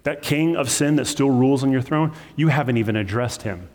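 A male pastor preaching a sermon, animated, acting out the quoted voices with sudden leaps in pitch. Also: a little fast. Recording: long hall reverb.

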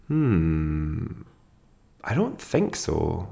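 Deep gravelly man, chatty podcast host. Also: unhurried. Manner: chatty, self-deprecating, laughs often. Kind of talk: casual solo podcast chat.

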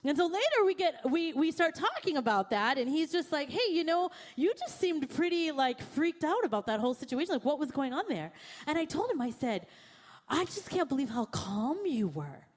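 A young woman pastor with a high voice preaches a sermon at normal speed. She tells a personal story in an animated way, acting out her own panicked thoughts and quotes.

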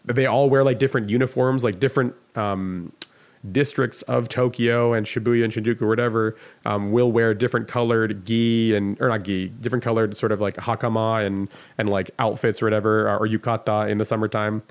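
A man's voice: fairly low pitch, flat delivery, fairly quick. A man guesting on a podcast, telling a long casual story full of "like" fillers and the odd swear word.

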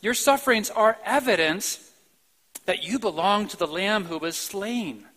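A high-pitched male pastor delivers a live-streamed church sermon. He drops to slow, quiet stretches, then bursts out loud and emphatic on his key points. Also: low-quality recording. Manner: emphatic preaching with sudden loud outbursts and soft, slow stretches.

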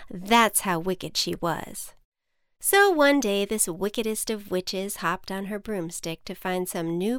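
A woman hosting a podcast and narrating a storybook tale in a playful, expressive way, with emphatic comic pauses. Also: fairly low pitch, smooth, no room sound, studio quality.

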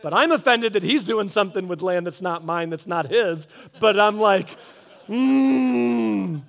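A man giving a casual devotional talk, telling a story in a lively way and acting out both sides of an argument. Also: high-pitched, moderate pace. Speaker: Christian speaker. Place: garage office.

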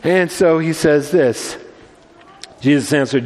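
A male pastor preaching in a church sanctuary, telling the story in an animated way and often stumbling over repeated words. His voice sits high, and the hall gives it a long, ringing reverb. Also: moderate pace. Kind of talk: sermon.

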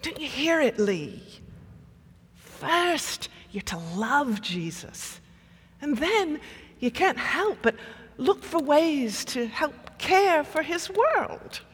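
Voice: high voice, big pitch swings, drawn-out words, big-room sound, pitched above the performer's own voice, exaggerated voice. A preacher voicing an exuberant, hospitable female parishioner in an attempted South African accent, with emphatic, questioning delivery. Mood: earnest, insistent.

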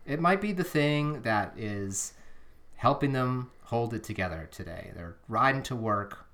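Podcast co-host, casual and rambling, earnest, mid-pitched, drifts off mic. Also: expressive, unhurried, fairly bright tone. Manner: rambling, self-interrupting, earnest. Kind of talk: casual chat. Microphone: drifting off the microphone at times.

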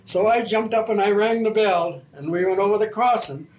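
An older man with a notably high, slightly mellow voice recalls the old days slowly and haltingly in a folksy way, spinning a long yarn as a retired railroad fireman for an oral history. The audio is dull and lo-fi, like an old tape recording.

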